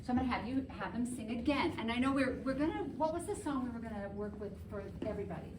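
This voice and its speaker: A woman vocal coach runs a chorus rehearsal with brisk, cheerful, chatty directions. Her voice sits a little high and comes from a distant camera across the room. A steady hiss of room noise stays underneath. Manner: lively, upbeat, chatty instructions. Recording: distant mic with background noise.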